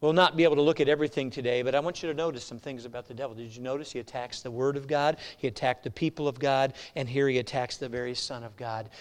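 A man pastor preaching a sermon, emphatic and swinging between loud declarations and hushed asides. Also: mid-range voice, steady tone, fast talker, few pauses, in a large hall.

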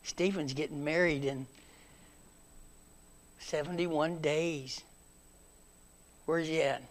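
A man preaching a sermon in a church, moving between loud emphatic calls and hushed, quiet passages. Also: fairly high pitch, steady tone, slow.

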